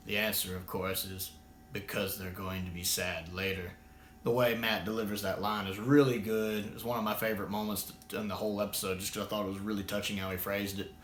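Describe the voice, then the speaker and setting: A man's voice: on the low side, little pitch movement, a little fast, fairly bright tone, slight background noise. An American man giving a casual, rambling spoken review, often restarting his sentences. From United States. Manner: rambling, frequent restarts and fillers. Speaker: video reviewer. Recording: roomy echo.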